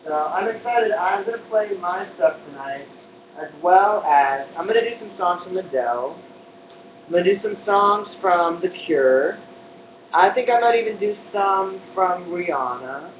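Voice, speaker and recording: A high-pitched, chatty man hosting a live cooking stream. He jokes and rambles playfully while he cooks. The sound is thin and phone-like, caught from a distance in an echoey kitchen with steady noise behind. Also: unhurried. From United States. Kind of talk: casual cooking-show chat. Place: kitchen indoors.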